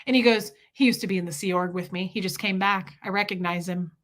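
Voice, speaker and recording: Animated, bright-voiced woman telling stories. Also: medium pitch, fast talker. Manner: animated, profane, acts out quoted people. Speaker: livestream host. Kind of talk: casual storytelling to a live chat.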